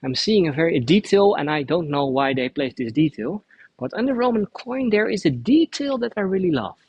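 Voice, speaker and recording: A man's voice: on the high side, big pitch swings, moderate pace, darkish tone, breathy edge, dry recording, lo-fi sound. A Dutch man, a native Dutch speaker using English, guides a cycling tour of a city outdoors and explains at length with frequent restarts. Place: outdoors in a city square, riding a bike.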